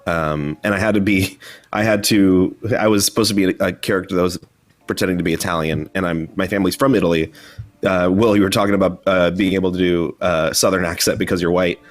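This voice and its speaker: A man hosting a casual online chat over a video call, chatty and quick to laugh, often restarting his sentences. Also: low voice, steady tone. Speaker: host.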